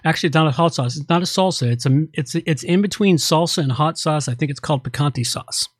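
A man's voice: fairly high pitch, fast, no room sound. Rambling male podcast host, dry sound. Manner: rambling, with frequent restarts. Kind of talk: casual podcast chat.

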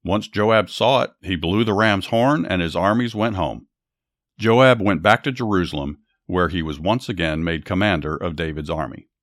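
Deep-voiced man narrating Bible stories. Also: normal speed, a bit bright. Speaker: podcast host and Bible storyteller. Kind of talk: scripted Bible story narration and commentary.

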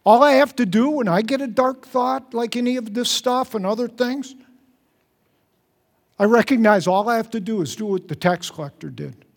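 A man preaching a sermon as pastor, earnest, repeating phrases and dropping softly for prayers. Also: moderate pace. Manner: earnest, repeats phrases, drops to soft low tones for prayers. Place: large church hall. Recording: long hall reverb.

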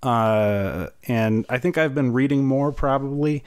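A man who is a musician guest on a chat show, speaking haltingly with many fillers in an easygoing way. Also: medium pitch, clean tone. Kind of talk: casual chat. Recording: guitar music behind. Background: guitar.

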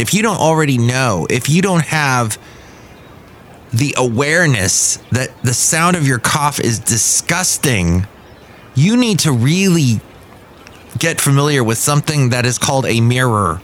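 A man's voice: medium pitch, expressive, a little slow, fairly bright tone, a little hiss or hum. Male podcast host, digressive sardonic riffs, mid-range voice, recorded outside with faint background ambience. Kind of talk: rambling comedic monologue. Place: outdoors outside a café.

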